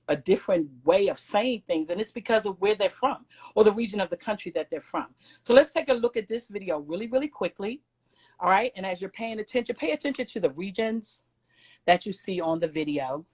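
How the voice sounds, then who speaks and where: A woman's voice: mid-range voice, slightly rough. Upbeat woman teaching an online class.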